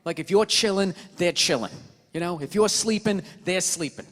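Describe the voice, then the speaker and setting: A man's voice: high voice, normal speed, a bit bright, big-room sound. A male stand-up comedian on stage, ranting sarcastically and swearing a lot.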